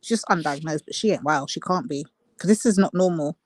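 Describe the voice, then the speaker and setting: A woman's voice: deep voice, fairly quick, no room sound, clean studio sound. A woman co-hosting a casual livestream, gossiping animatedly and firing off questions. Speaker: livestream co-host.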